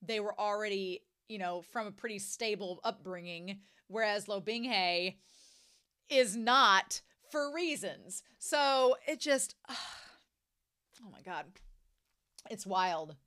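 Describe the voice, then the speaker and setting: Bright-voiced woman chatting about a book. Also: slow pace, clean tone. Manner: animated, swings to excited high squeals. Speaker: book reviewer. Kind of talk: casual book discussion.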